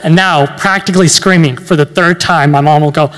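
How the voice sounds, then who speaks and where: A young man around nineteen performing a stand-up comedy set with dry, deadpan delivery, pausing with fillers between lines. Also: fairly high pitch. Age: late teens. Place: university event hall. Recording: long hall reverb.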